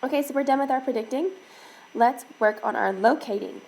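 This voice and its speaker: Woman teacher, recorded lesson, slightly high voice, coaxing step-by-step delivery. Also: brisk, darkish tone, rough recording. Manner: encouraging, repeats okay, talks students through steps. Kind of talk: recorded reading lesson for students.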